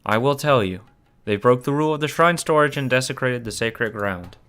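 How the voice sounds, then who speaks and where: A man voicing a cold, commanding teenage girl who leads her clan, speaking stiffly and gravely. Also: mid-range voice, a little fast, a bit bright, close to an everyday voice. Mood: cold formal.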